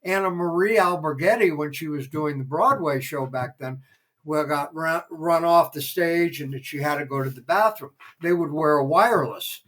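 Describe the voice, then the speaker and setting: Man, fairly high voice, podcast guest, loose storytelling, lots of "you know". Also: moderate pace, fairly bright tone, low-quality recording. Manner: rambling anecdotes with many fillers. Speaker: podcast guest, former theater promoter. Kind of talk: casual interview storytelling.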